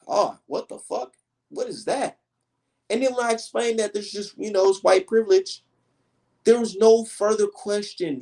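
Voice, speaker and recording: A young man hosting a casual livestream, telling stories in an emphatic, profane, animated way. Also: fairly high pitch. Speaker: livestream host.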